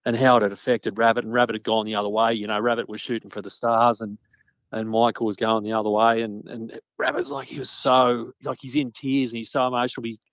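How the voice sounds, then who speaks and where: A man's voice: mid-range voice, flat delivery, fast, a bit bright, dry recording. A man as a guest recalling interviews, rambling with many restarts and fillers. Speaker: guest journalist. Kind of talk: casual interview chat. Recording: dull lo-fi sound.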